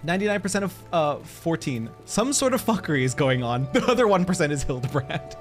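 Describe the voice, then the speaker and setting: A man with a fairly high voice chats casually while live-streaming a game. His pitch leaps around, he laughs often and swears freely. Faint game music plays behind him. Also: very animated, fairly quick.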